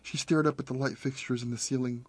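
A man reading a horror story aloud as narrator, in a steady, measured storytelling manner. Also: medium pitch, husky. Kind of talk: scripted audiobook narration.

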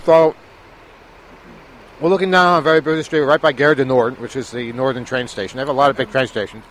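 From a hotel balcony overlooking a busy street, where traffic sounds carry up, a male co-host keeps up casual, jokey chatter. His mid-range voice is steady in tone, fast, and fairly bright, and he laughs often.

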